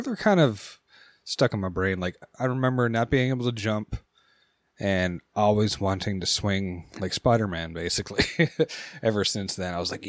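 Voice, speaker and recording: A man with a lowish voice talks casually in a roundtable. He is easygoing and a little halting. The recording is dry and close. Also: dry recording.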